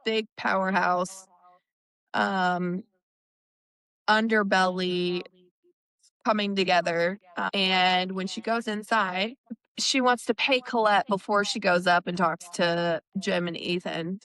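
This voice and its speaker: A woman co-hosting a book discussion podcast, recapping chapters in an unhurried way with plenty of fillers. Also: mid-range voice, fairly even intonation, a bit bright. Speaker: podcast co-host.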